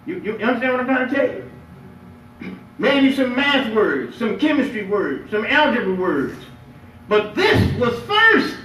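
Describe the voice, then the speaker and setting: A man preaching a lively Friday sermon as imam, playful and emphatic, drawing responses from the congregation. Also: very high voice, a little slow, a little hiss or hum. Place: mosque prayer hall. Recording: echoey hall, picked up from far off.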